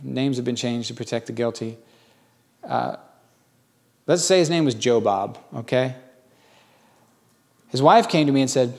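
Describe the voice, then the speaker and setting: A man preaching a sermon in a folksy, lively storytelling way. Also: medium pitch, unhurried, gravelly, long pauses. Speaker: pastor.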